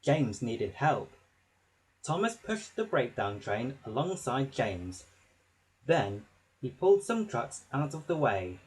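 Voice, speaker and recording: A man narrating a children's story with a slow, expressive reading. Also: mid-range voice, rough recording.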